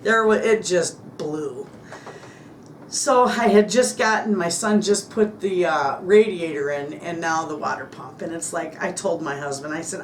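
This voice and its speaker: Chatty excitable woman in echoey room. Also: on the low side, a little slow, a little hiss or hum. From Michigan, United States. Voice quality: chatty, excitable, repeats "I said" often. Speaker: homestead vlogger. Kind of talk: casual storytelling to camera.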